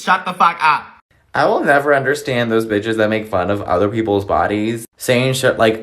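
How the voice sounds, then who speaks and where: A man's voice: medium pitch, lively intonation, moderate pace, fairly bright tone. A young man delivering a profane, exaggerated comedic rant monologue.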